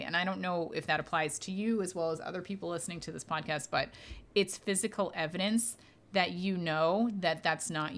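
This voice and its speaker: A deep, slightly bright female voice belongs to a medium hosting an easygoing podcast. She responds to listener questions warmly and chattily, with many fillers and soft laughs.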